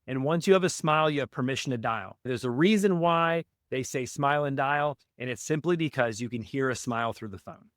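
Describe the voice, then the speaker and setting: A man's voice: mid-range voice, a little fast, hardly any pauses, no echo, studio quality. A man explaining cold-calling step by step in a podcast interview, upbeat and coaching, often checking in with "right?". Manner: energetic, instructive, frequent "right?" check-ins. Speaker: real estate wholesaling guest.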